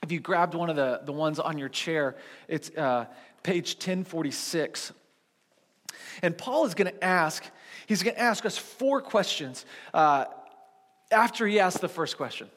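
A man preaching a sermon as pastor to a seated church congregation, in a conversational, animated storytelling manner with frequent restarts. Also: a little high, measured pace, big-room sound.

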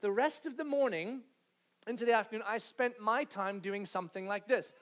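A man in his thirties, a pastor telling a family story in a sermon, acting out scenes with loud animated bursts. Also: sits high, moderate pace.

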